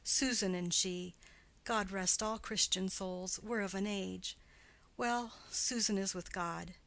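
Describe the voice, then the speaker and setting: A woman reading the part of a garrulous, doting old nurse in an audiobook play, with her voice climbing high and loud as she rambles. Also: steady tone, slow, rough recording. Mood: rambling.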